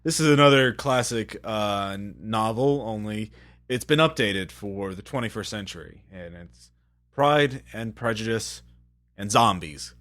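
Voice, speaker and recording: A man's voice: on the low side, lively intonation, a little slow, a bit bright. A man co-hosting a podcast, chatting casually in a dry, self-mocking way with frequent restarts. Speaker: podcast co-host. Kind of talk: casual banter about games and media.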